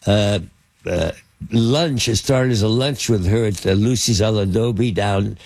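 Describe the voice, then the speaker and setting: A man's voice: fairly low pitch, vocal fry, darkish tone, no room sound. An older man, a film producer and actor, telling anecdotes in an interview with many fillers and restarts. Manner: halting, lots of fillers and restarts. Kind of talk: anecdotal storytelling in conversation.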